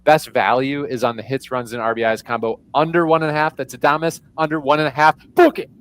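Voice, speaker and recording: A man's voice: mid-range voice, fairly even intonation, quick pace, fairly bright tone, clear, resonant tone. A man co-hosting a sports betting show, upbeat and loaded with stats. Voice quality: upbeat, stat-heavy. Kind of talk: casual sports betting chat.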